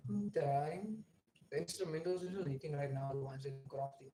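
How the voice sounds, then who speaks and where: A man's voice: fairly high pitch, moderate pace, dark tone, roomy sound, slight background noise. A young man chatting loosely on a livestream from home, full of slang and fillers. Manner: loose, rambling slang talk with many fillers. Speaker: livestream host. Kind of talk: casual livestream chat. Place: home, alone. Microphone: phone.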